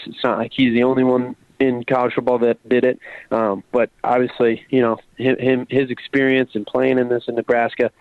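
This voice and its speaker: A man's voice: medium pitch, no room sound. A man, a former college football player, calling in to a sports talk show and talking in long, rambling answers full of fillers and restarts. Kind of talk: casual phone-in sports talk. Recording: tinny phone line.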